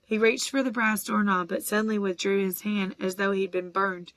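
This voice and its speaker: A woman narrating an audiobook in a steady, even storytelling voice. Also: medium pitch, normal speed, dry recording. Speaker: audiobook reader.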